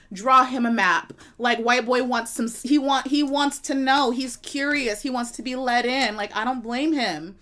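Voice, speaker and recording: A woman's voice: high-pitched, fairly bright tone. Sassy, emphatic woman streamer. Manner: sassy, emphatic, laughs and repeats herself. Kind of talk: casual commentary rant.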